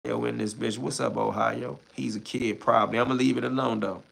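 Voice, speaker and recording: A man's voice: mid-range voice, fairly even intonation, a little fast, gravelly, a bit bright. A man from Washington, D.C., with a D.C. accent, hosting a livestream and ranting back at chat in blunt, heated, profane street talk. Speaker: livestream host. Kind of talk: casual livestream rant answering chat.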